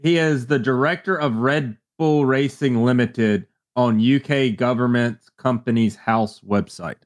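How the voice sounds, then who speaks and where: A man on a casual podcast who speaks in a flat, matter-of-fact way. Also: medium pitch, a little slow.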